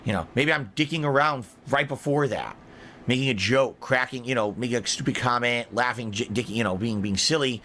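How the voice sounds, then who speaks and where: Man, fast, rambling, emphatic, defensive, a faint background hum. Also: mid-range voice, sharp tone. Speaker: online streamer in played clip. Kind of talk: defensive explanation.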